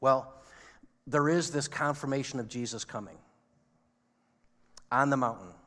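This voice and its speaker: A male pastor delivers a sermon in a conversational style and poses questions to his congregation. His voice sits at an ordinary middle pitch. A long reverb trails each phrase, as in a large church hall. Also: unhurried, a bit bright. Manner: conversational preaching with rhetorical questions. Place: church sanctuary.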